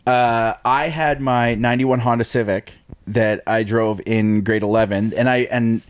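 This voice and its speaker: A man's voice: medium pitch, steady tone, a little slow, clear, resonant tone. A young man hosting a podcast, telling a story in a loose, rambling way with lots of fillers and swearing. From Canada. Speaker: podcast host. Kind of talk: casual storytelling chat.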